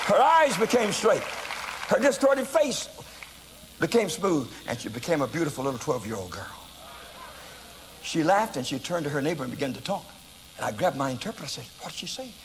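An older American man tells a story from the pulpit, his voice rising and falling widely and breaking into shouts. He sounds a little higher than most men. The sound rings with long reverb in a large hall, with a faint hiss behind it. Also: fairly quick, long pauses, a faint crowd. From United States. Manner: animated storyteller, bursts into shouts, laughs at himself. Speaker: evangelist preacher. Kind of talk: storytelling sermon.

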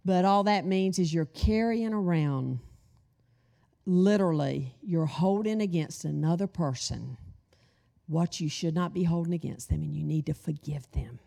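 A woman's voice: on the low side, a little slow, gravelly, dark tone. A middle-aged woman teaching a sermon, addressing the congregation with questions and call-and-response. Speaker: women's Bible study teacher.

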